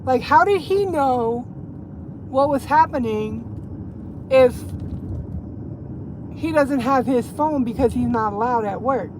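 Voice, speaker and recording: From inside her moving car, a woman gossips on a casual livestream in a high-pitched, expressive voice. She speaks slowly with long pauses, rambling, swearing and laughing. The road noise is audible behind her.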